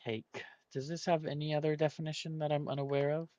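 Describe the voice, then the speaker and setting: Speaking quickly in a level, darkish voice on the high side, a man hosts a gaming video, and the recording is dry and muffled. He works his way through a word puzzle, thinking aloud and muttering guesses in a laid-back way.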